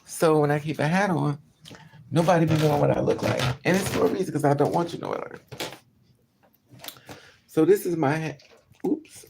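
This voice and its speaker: A man's voice: fairly high pitch, a little fast, vocal fry, long pauses, noisy background. A man chatting candidly with his livestream viewers, telling a personal story and answering comments. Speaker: vlogger.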